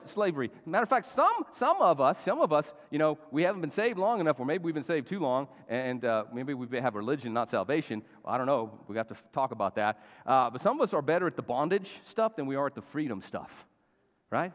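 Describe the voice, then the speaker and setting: Animated middle-aged male pastor, reverberant. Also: medium pitch, a little fast. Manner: animated, exhorting preaching with call-and-response. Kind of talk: sermon. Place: church. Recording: long reverb of a church hall.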